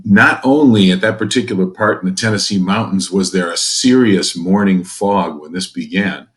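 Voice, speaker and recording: A man's voice: low voice, moderate pace. A man teaching a recorded history lecture to students, folksy and conversational, with jokey asides.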